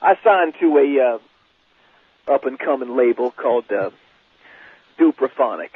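A man's voice: medium pitch, lively intonation, unhurried, slightly rough, dry recording. A man playing a brash, pushy amateur songwriter on a phone line. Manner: brash, calls the host son. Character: blustering pushy patriotic male amateur songwriter. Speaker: caller. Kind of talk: prank radio call.

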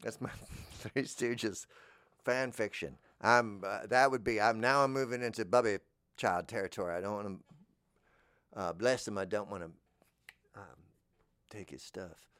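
A man's voice: fairly low pitch, measured pace, pauses often, fairly bright tone, no room sound, clean studio sound. A man hosting a comedy podcast, telling a meandering, whimsical, self-mocking story. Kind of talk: rambling comic monologue.

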